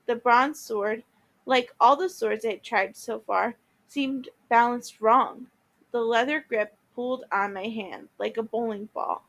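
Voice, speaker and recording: A teacher reading a novel aloud to listeners, with small restarts and repeated words along the way. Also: female voice, fairly high pitch, fairly bright tone. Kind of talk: read-aloud storytelling.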